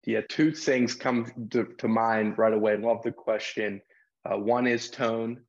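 A man's voice: mid-range voice, steady tone, a little slow. Earnest man on a muffled line. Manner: earnest, reflective, acts out courtside exchanges. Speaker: guest, basketball referee. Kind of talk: podcast interview.

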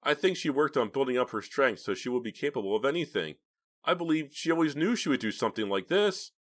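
A man's voice: medium pitch, animated, fast talker, voice pushed up, lightly acted. A man reading an audiobook, voicing an ill, guilty older uncle who pleads and breaks down. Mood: pleading.

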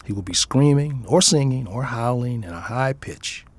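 A man's voice: medium pitch, expressive, moderate pace, breathy edge. A father reading his own personal essay aloud in a reflective way, often dropping into a near whisper.

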